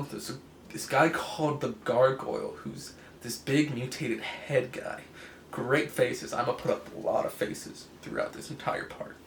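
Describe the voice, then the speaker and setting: A man's voice: mid-range voice, creaky, a bit bright. A man casually talking through a comic book story, rambling, laughing often and correcting himself. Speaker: comic book video host. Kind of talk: casual comic review chat. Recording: echoey room, faint hiss.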